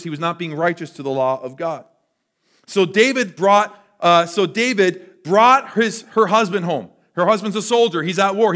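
A man with a slightly raised pitch, preaching a sermon. He tells the story in a relaxed, conversational manner and often stops to restart a phrase. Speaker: pastor.

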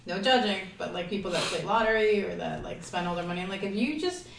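A woman's voice: medium pitch, animated, fast talker, vocal fry, a little hiss or hum. Woman host, casual chatter, heard from a distance in an echoey room. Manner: chatty, laughs often, many fillers. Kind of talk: casual chat. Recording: roomy, from off-mic.

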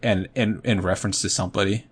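A man's voice: sits low, fairly even intonation, quick pace, breathy edge. A man co-hosting a podcast in casual chat, telling rambling stories full of fillers. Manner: rambling storyteller, heavy on fillers. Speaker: podcast co-host.

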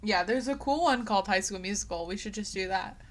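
A woman's voice: medium pitch, a little fast. A young woman co-hosting a casual podcast, chatting about a movie with dry, wry asides. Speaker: podcast co-host. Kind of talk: casual chat recapping a movie.

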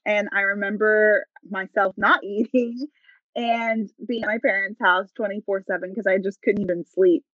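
A woman's voice: mid-range voice, fairly even intonation, normal speed, fairly bright tone, no echo, muffled recording. A woman guest telling her personal faith story with emotion, acting out the voices of people she quotes. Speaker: podcast guest.

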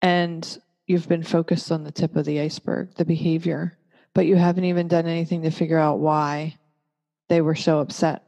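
A woman giving a calm, measured talk that teaches parents. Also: low voice, vocal fry. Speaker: parenting educator. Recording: long reverb.

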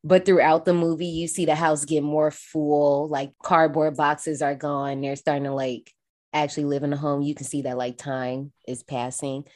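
A woman's voice: deep voice, moderate pace. A woman co-hosting a podcast, casually recapping a horror movie and breaking into exaggerated quoted voices. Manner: animated, swings into exaggerated voices when quoting. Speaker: podcast co-host.

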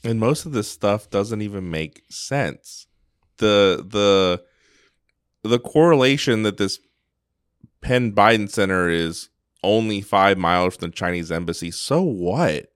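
A man's voice: lowish voice, expressive, measured pace, clear, resonant tone, dry recording, clean studio sound. A man co-hosting a podcast in casual chat, wry and asking rhetorical questions. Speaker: podcast co-host.

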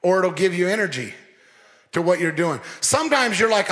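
Man, pastor preaching, playful and animated, high voice, echoing hall reverb. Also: moderate pace. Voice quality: animated, playful, mimics people. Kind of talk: sermon.

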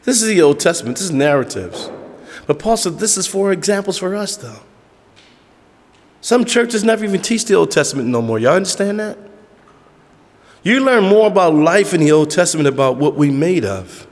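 Fervent pastor preaching in a reverberant hall. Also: male voice, high voice, expressive, normal speed. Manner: preaching with sudden drops to hushed asides. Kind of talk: sermon. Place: church sanctuary. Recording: long church hall reverb.

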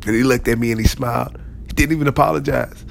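A man's voice: mid-range voice, fairly even intonation, quick pace, vocal fry, a little hiss or hum, pitched above the performer's own voice. A man voicing an indignant grown man who repeats his complaint in a rising whine. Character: indignant grown man fuming over lost chips.

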